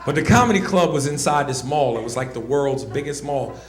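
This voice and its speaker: A man performing a live stand-up comedy routine, loud and animated, shouting his punchlines and slipping into silly voices. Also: mid-range voice, brisk. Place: comedy club stage. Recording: roomy live venue with audience noise. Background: audience laughter.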